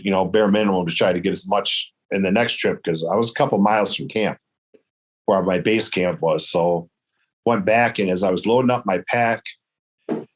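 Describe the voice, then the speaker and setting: A man from Michigan, a guest on a show, telling a story in a relaxed, rambling way and acting out the voices of people he met. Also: lowish voice. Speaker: guest, traditional bow hunter. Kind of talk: casual storytelling.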